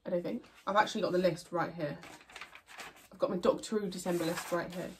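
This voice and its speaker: A woman's voice: on the low side, fairly even intonation, a little fast, noisy background. Young woman, congested nasal voice, casual rambling Q&A chat, lots of fillers. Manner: chatty, rambling, with fillers and self-corrections. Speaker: YouTuber answering viewer questions.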